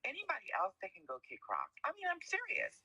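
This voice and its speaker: A woman calling in, speaking emphatically and passionately with dramatic swings in pitch. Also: huge pitch swings, fast, pushed and bright, muffled recording, a little hiss or hum. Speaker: caller. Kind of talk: call-in conversation.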